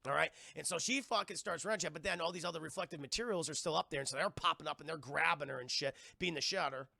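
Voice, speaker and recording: Gravelly, profane man recapping to chat. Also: a little high, rapid-fire, bright, forceful tone, no room sound. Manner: profane, rambling, talks to chat. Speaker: streamer and cartoon reviewer. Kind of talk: casual livestream episode recap.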